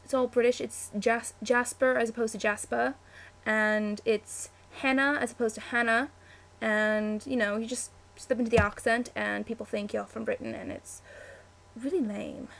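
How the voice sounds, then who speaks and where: A woman's voice: on the high side, steady tone, normal speed, creaky. A chatty young woman, answering a word-list meme on webcam, easily distracted and full of "like" and "um". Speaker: vlogger.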